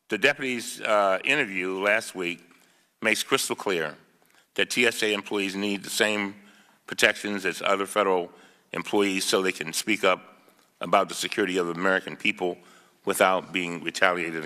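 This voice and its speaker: A man's voice: deep voice, moderate pace, bright, forceful tone, in a large hall. A man, a congressman, giving an emphatic formal statement at a hearing, reading quoted testimony aloud and stressing key words. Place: large congressional hearing room.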